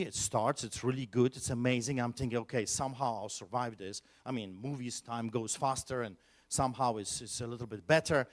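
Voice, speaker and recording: Speaking at a conference, this pastor recounts something from his own life with lively emphasis and abrupt jumps in volume. His male voice sits at a medium pitch.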